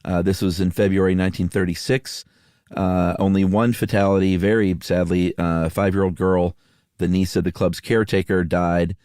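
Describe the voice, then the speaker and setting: A man's voice: low voice, level tone, normal speed, darkish tone, smooth, no room sound, clean studio sound. A man co-hosting a podcast in casual chat, wry and joking. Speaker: podcast co-host.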